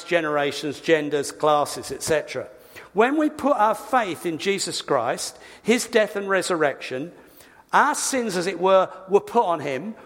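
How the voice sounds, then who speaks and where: Man, sermon, lively asides, long hall reverb. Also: high-pitched. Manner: lively preaching with asides and self-corrections. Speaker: preacher. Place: church.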